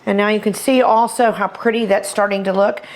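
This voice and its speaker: A woman's voice: mid-range voice, steady tone, fairly quick, a little hiss or hum. A middle-aged woman with a Texas accent hosting a cooking demonstration, chatty and enthusiastic as she walks viewers through each step. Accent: Texan. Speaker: cooking show host.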